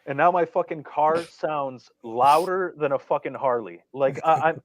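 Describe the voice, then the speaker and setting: A man's voice: fairly high pitch, measured pace, dry recording. A man telling a long story on a live talk show, rambling and profane, with many restarts and stammers. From Chicago area. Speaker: guest storyteller.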